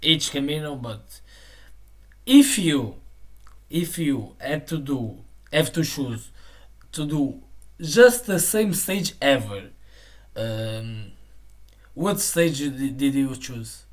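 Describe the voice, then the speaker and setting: Male host, halting delivery, slow measured questions. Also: mid-range voice, animated. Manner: hesitant, halting with many fillers. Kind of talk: interview questions.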